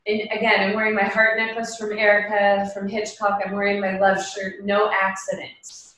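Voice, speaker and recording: A woman's voice: medium pitch, completely flat delivery, moderate pace, fairly bright tone, echoey room, low-quality recording. A woman teaching a meditation class, talking casually and emphatically, with lots of rhetorical questions. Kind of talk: casual spoken talk before a guided meditation.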